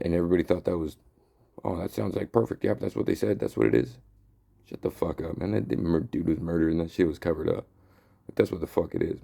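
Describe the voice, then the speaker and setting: A man's voice: deep voice, gravelly, dark tone. A man delivering a heated, profane, rambling rant in a monologue. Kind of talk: ranting monologue.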